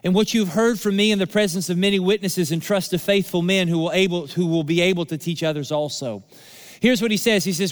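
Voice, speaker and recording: High-pitched preaching man in a reverberant hall. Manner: preaching with rhetorical repetition and emphatic pauses. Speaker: pastor. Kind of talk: sermon.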